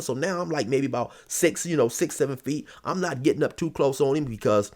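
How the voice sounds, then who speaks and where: Male storyteller, casual, rambling, profane, mid-pitched. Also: brisk, hardly any pauses, darkish tone. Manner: rambling, profane, full of "you know" and "or whatever".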